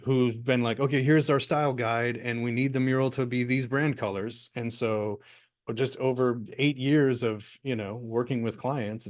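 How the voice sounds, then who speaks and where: A man facilitating a live online workshop over a video call, loose and rambling, with plenty of ums and restarts as he answers questions. His voice sits at a middling pitch for a man. The sound is dry and close, with no room echo. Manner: relaxed, rambling, many fillers and restarts.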